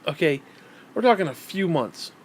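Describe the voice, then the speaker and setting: A man with a slightly higher-than-usual voice vents in a hostile, profanity-laden rant. He talks straight to the camera with raw, unpolished anger. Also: lively intonation, normal speed, a little hiss or hum. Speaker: vlogger. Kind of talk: angry personal rant.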